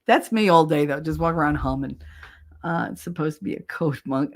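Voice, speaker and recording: Chatty Jersey woman streaming. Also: a little fast. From New Jersey. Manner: chatty, animated, laughs often, bursts into high yelling when acting out. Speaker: livestream host. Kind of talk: casual livestream chat.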